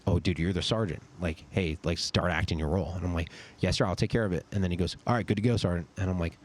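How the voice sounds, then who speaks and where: A young man, a podcast guest and army sergeant, telling stories in a relaxed, casual way, full of "dude" and "like.". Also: deep voice, fast talker. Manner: laid-back, says "dude" and "like" a lot. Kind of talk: casual storytelling chat.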